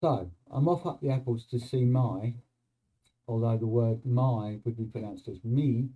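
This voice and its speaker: A man's voice: medium pitch, a little slow, narrow, tinny audio. A man hosts his own video channel, explaining slang in a wry, conversational way and checking in with the viewer. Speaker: YouTube host explaining slang.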